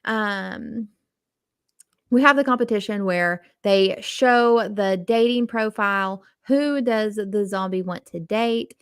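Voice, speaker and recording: A woman's voice: mid-range voice, takes it slowly, smooth, no echo. Woman podcast co-host, casual and enthusiastic, dry close mic. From Texas. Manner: chatty, laughs often, recaps with enthusiasm. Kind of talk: casual chat.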